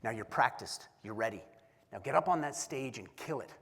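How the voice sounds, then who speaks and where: A man plays an easygoing veteran comedian with a steady, reassuring manner. His voice is husky and unhurried. A long hall reverb surrounds each line. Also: medium pitch, full character voice. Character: calm, encouraging veteran male comedian.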